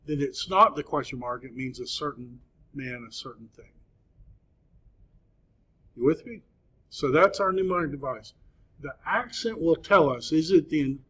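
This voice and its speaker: A man teaching a Greek class, speaking patiently and encouragingly, with frequent pauses. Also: on the high side, a bit bright, breathy edge. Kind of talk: classroom lecture. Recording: dull lo-fi classroom recording.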